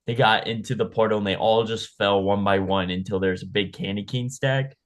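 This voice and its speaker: A young man narrating an improvised comedy story with a fairly low voice. He rambles loosely, leaning on lots of "like"s and laughing along as he builds the scene. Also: fairly even intonation, brisk. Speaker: co-host.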